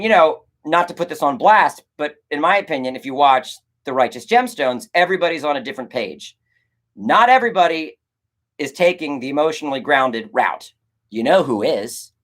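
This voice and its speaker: Young male filmmaker on a casual stream, slightly high voice, lively swoops, rambling, curses freely. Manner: animated, rambling, swears, acts out quoted exchanges. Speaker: filmmaker answering chat on a livestream. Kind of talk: casual livestream chat.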